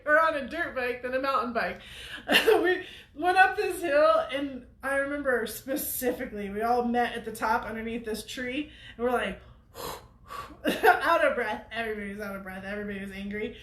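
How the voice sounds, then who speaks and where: A woman's voice: high-pitched, normal speed, fairly bright tone, echoey room. A woman hosting a weekly show, telling a story to viewers in a chatty way and laughing often. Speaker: host of a weekly off-road show.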